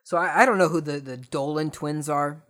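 A young man hosting a podcast, telling comic stories and ranting sarcastically, swearing freely and jumping from mutters to loud outbursts. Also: on the high side, normal speed. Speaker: podcast host. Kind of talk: comedic storytelling rant.

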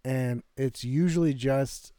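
A man co-hosting a podcast, chatting casually in a laid-back way, laughing often and clearing his throat. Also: mid-range voice, slow, mellow, no room sound. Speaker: podcast co-host. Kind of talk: casual chat.

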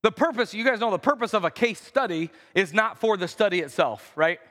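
High-voiced man preaching in a reverberant church. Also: expressive, brisk, fairly bright tone. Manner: conversational, acts out quotes in voices. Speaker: pastor. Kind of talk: sermon. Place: church sanctuary.

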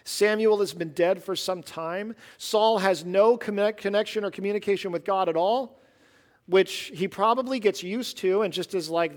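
In a large hall, a high-voiced pastor preaches a sermon at normal speed. He reads scripture with rising emphasis, then explains it conversationally with dry sarcasm.

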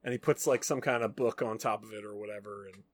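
A man hosting a podcast, retelling a film scene by scene in casual chat and acting out the characters' lines in quick put-on voices. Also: lowish voice, steady tone, no room sound. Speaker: podcast host. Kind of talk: casual movie recap chat.

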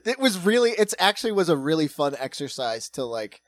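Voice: medium pitch, brisk, no echo. A comedy podcast co-host who banters casually and slips into mocking impressions of people. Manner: animated, mimics people mockingly.

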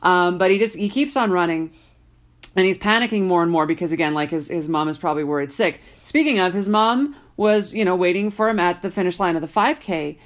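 A woman in casual podcast chat, telling a story with lively acted-out quotes. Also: fairly low pitch, a little fast. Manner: animated storyteller, acts out quoted voices.

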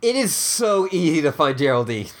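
A man's voice: a little high, very animated, moderate pace. A man co-hosting a casual podcast who chats with jokey asides and frequent restarts. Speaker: podcast co-host. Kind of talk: casual chat.

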